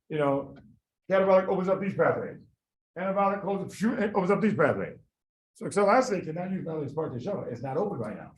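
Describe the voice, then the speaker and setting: A middle-aged man lecturing medical students in an animated, folksy, joking storytelling way. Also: fairly high pitch, low-quality recording. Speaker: medical school biochemistry lecturer.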